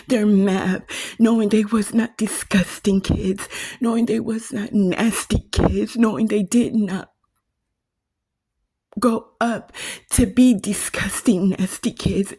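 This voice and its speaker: Distressed woman, accusing monologue, slow husky delivery that keeps slipping into whispers. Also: medium pitch, a little mellow. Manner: accusing, repetitive lists, slips into whispers. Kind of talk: emotional monologue to camera.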